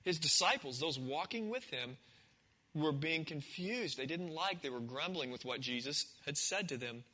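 A man's voice: a little high, lively intonation, normal speed, sharp tone, low-quality recording. A man preaching a sermon in a conversational, storytelling way, acting out the scenes. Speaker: pastor.

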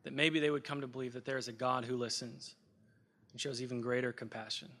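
Bright-voiced, earnest male preacher. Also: medium pitch, flat delivery, quick pace, big-room sound. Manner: earnest, reflective, repeating phrases for emphasis. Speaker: pastor. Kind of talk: sermon.

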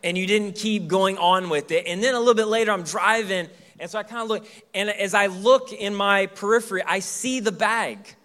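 A pastor in his thirties preaches in a church, telling stories in a loose, joking way. His voice sits high for a man and rings bright and forceful. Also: fairly quick. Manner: casual, joking storytelling. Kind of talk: sermon.

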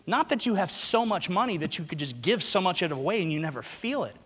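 A man preaching a sermon to a congregation, moving from quiet teaching to loud, shouted passages and asking the room to repeat lines after him. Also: high-pitched, very animated, quick pace, husky. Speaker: pastor. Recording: long hall reverb.

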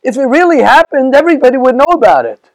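A rabbi giving a lecture to a live audience, animated and rhetorical, putting questions to the listeners. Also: male voice, very high voice, fast talker, no room sound, rough recording.

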